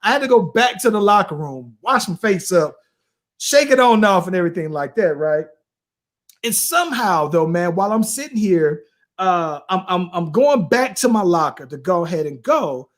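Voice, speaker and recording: A man in his late thirties, co-hosting a podcast and telling a story in an animated, slangy way, often tossing in "bro" and "right?". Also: high voice, normal speed. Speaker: podcast co-host. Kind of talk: casual storytelling chat.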